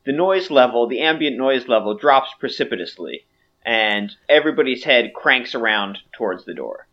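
A man narrating a tabletop game as game master, halting often and laughing between lines. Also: mid-range voice, big pitch swings, lo-fi sound.

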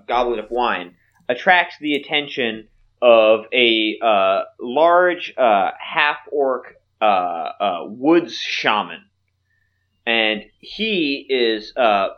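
A man narrating a tabletop game as game master, halting with many fillers. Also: medium pitch, muffled recording.

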